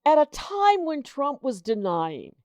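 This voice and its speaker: A woman's voice: sits high, big pitch swings, slow, no room sound, studio quality. A woman hosting her own political commentary show, reading headlines aloud and reacting with indignant, exasperated disbelief. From United States.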